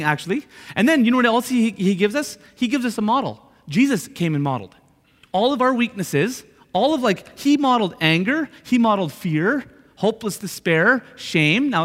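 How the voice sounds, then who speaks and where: A man with a notably high voice preaches in a church hall, and his words ring out with a long reverb. He keeps it conversational, circling back on his points and tossing in "right?" to check the room. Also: fairly bright tone. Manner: conversational, repeats points with frequent "right?" asides. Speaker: pastor. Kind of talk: sermon.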